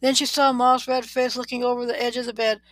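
A woman reading a children's book aloud in a steady, plain way, now and then correcting a word. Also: a little high, fairly quick, no room sound, low-quality recording. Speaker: reader.

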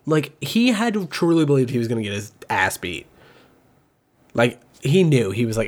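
Rambling, swearing casual host. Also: male voice, medium pitch, moderate pace. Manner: rambling and animated, heavy swearing, many fillers; mimics other people's voices in quotes. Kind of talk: casual commentary.

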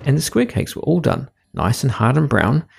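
A man reads a children's story aloud, lively and expressive. His mid-range voice is creaky and slightly rough, at a moderate pace.

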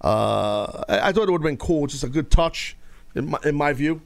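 A man's voice: a little high, expressive, moderate pace, gravelly, dry recording. A male radio show host in casual sports talk, rambling and stop-start as he takes calls.

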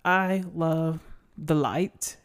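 A woman's voice: low voice, extremely slow, clear, resonant tone. A woman co-hosting a podcast in casual chat, giggly and rambling. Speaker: podcast co-host.

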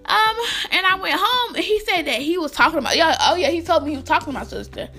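A young woman spins a storytime for her viewers with a high, bright voice that swoops up and down all the time. She keeps turning to the audience, and she laughs often. Soft music plays faintly underneath. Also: lively intonation, quick pace. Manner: chatty, addresses viewers directly, laughs often. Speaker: vlogger. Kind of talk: casual storytime vlog.

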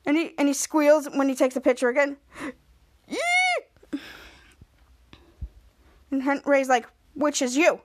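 A woman's voice: sits high, fairly even intonation, brisk, few pauses, a little mellow. A woman podcast host casually recapping a TV episode, retelling each scene and raising her voice for the quoted lines.

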